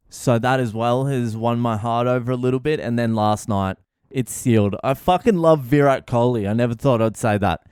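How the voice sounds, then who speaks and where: A man's voice: mid-range voice, moderate pace, darkish tone, smooth, dry recording, studio quality. Brash, sweary Australian man. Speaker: podcast host and comedian. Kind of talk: profane comedic advice monologue.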